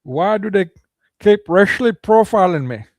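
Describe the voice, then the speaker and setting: A man voicing an aggrieved rural hillbilly man who complains in a high, strained, indignant whine. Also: lively intonation, moderate pace, darkish tone, no echo, studio quality.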